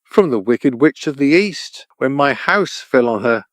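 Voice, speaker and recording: A man's voice: medium pitch, lively intonation, measured pace, dry recording, lightly acted. A man voicing a meek, earnest young girl who pleads with a trembling voice.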